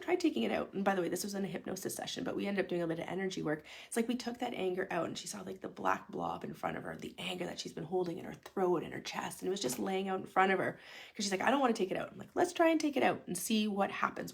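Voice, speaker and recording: A woman's voice: mid-range voice, vocal fry, husky. A woman marriage coach talking casually to camera, earnest and full of ums, often acting out inner voices. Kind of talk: casual advice talk to camera.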